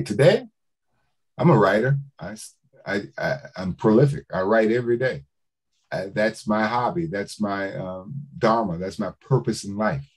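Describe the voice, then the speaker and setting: A man's voice: fairly low pitch, a little mellow, breathy edge, poor audio. An older man, an author, telling stories to a book club with an emphatic, preacher-like cadence. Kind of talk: public speaking, storytelling.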